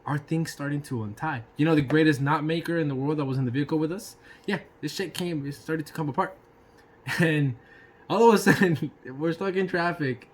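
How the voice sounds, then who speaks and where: A man telling a casual personal anecdote in an animated way, swearing freely and throwing in sound effects. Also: on the high side, fairly quick. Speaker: storyteller.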